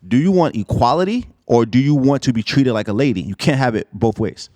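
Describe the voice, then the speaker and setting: A man's voice: medium pitch, animated, brisk, darkish tone, no echo. Assertive man arguing in dry sound. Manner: assertive, argumentative, rhetorical questions. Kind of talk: casual discussion.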